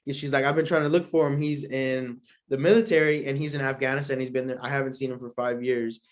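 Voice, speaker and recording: A young man hosts his own podcast, telling a casual story in a rambling, slangy way full of fillers and frequent laughs. His voice sits at medium pitch with fairly even intonation and a quick pace.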